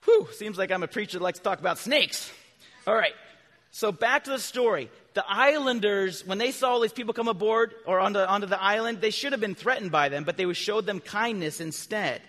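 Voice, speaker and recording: Man, preacher, children's sermon, high voice, asks and answers his own questions, long hall echo. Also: brisk. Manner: asks the listeners questions and answers them himself; animated, with bursts of loud emphasis. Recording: long reverb from a large hall.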